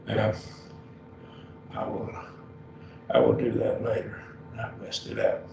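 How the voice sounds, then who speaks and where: Slow, gravelly man teaching from afar. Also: fairly low pitch, little pitch movement, dark tone. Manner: slow, repeats each word several times; self-correcting, apologetic asides. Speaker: Greek teacher. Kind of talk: classroom lesson. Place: church classroom. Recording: roomy, distant, dull lo-fi with faint noise.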